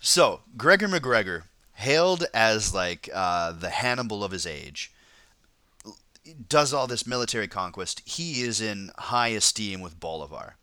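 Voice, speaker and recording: A man's voice: fairly low pitch, animated, measured pace, sharp tone, dry recording. A man hosting a casual podcast, telling a history story in a rambling way, with lots of fillers and laughter. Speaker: podcast host.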